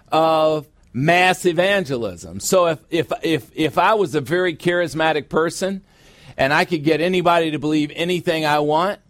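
A middle-aged man preaching a sermon as pastor, with emphatic, drawn-out stresses. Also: a little high, fairly bright tone, no room sound. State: sweating, warm from preaching. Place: church sanctuary.

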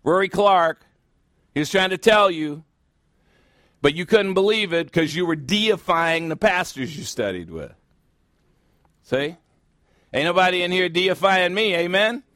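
A man's voice: high voice, expressive, a little slow, pauses often, a bit bright, no room sound, studio quality. A man preaching a sermon as pastor, blunt and sarcastic, with mocking asides to his congregation.

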